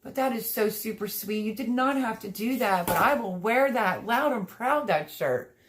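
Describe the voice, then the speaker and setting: A woman's voice: on the high side, expressive, moderate pace, background noise. A woman hosting a livestream, chatting casually and reading out viewer comments, effusive and a little teary. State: sniffling, teary. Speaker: livestream host.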